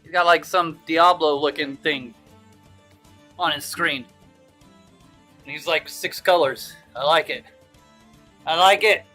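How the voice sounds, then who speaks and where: Bright, high-voiced male streamer chatting. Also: slow pace, long pauses, soft background music. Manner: chatty, upbeat, jokey. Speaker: live-stream host. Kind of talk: casual live-stream chat greeting viewers.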